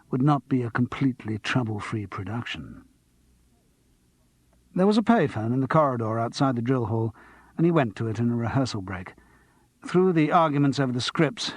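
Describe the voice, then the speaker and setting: A man reads an audiobook in a measured, wry way. His voice is husky, and the recording is dry and close. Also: mid-range voice, a little mellow, no room sound. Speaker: audiobook narrator. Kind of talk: scripted narration.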